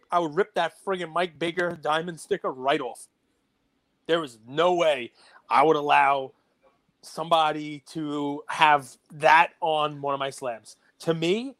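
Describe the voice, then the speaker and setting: A man co-hosting a podcast, talking casually and getting animated and worked up. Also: on the high side. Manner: animated, gets worked up and loud. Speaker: podcast co-host.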